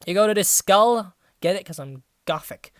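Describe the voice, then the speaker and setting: A woman reading the lines of a melodramatic teenage goth girl in a shrill, overwrought mock tone. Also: expressive, moderate pace, dry recording, clean studio sound, lightly acted.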